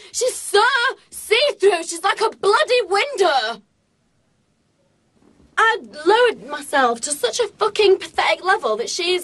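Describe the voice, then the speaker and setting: A woman's voice: very high-pitched, a bit bright. A young woman with a British English accent, trading cutting, sarcastic insults in a heated argument. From England. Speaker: reality show contestant.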